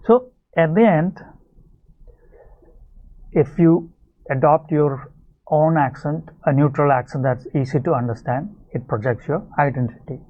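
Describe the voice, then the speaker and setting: A man teaching an English video lesson, explaining clearly and speaking straight to his viewers. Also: a little high, unhurried, long pauses. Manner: explanatory, addresses viewers directly. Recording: tinny phone-like sound.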